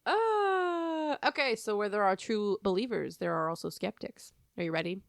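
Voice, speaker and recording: A woman's voice: mid-range voice, brisk, gravelly, no echo, studio quality. A woman co-hosting a podcast who recounts a story in a chatty, self-deprecating way, full of fillers. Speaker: podcast co-host.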